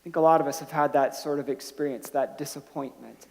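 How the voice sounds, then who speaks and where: High-voiced pastor preaching in a reverberant church. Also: male voice, steady tone, fairly quick, creaky, few pauses, a little mellow. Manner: conversational storytelling with frequent restarts; rising to emphatic bursts on key points. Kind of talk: sermon. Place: church sanctuary. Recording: long hall reverb.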